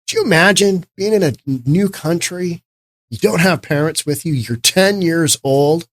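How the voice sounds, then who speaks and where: Man, casual commentary, sarcastic, rambling, a bit high-pitched. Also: a little slow, a bit bright.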